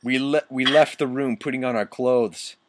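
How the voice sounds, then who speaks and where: A man's voice: mid-range voice, fairly even intonation, normal speed, slight background noise. A young man doing a comic reading of a bad story, mocking and swearing at the text. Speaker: reader.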